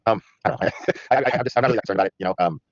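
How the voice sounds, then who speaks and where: Guest: husky man rattling along fast, defensive, on dull lo-fi dry audio. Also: on the low side, no room sound. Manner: defensive, hesitant fillers turning to exasperated. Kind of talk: casual podcast talk.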